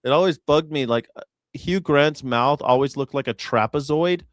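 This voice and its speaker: A man hosting a live reaction stream, riffing and joking in loose, rambling commentary. His voice comes through smooth and crisp, recorded dry and close with no room sound. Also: a little high, moderate pace, dry recording. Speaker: host.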